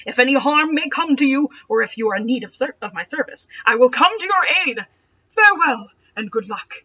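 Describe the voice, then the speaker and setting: A woman's voice: high-pitched, expressive, brisk, bright, forceful tone, husky, lo-fi sound, exaggerated voice. A woman voicing a wise, loyal male ranger who speaks in a solemn, declamatory way. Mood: earnest.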